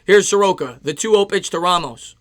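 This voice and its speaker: A man doing casual play-by-play on a live stream, chatting with viewers between pitches. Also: brisk. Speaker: live-stream sports host.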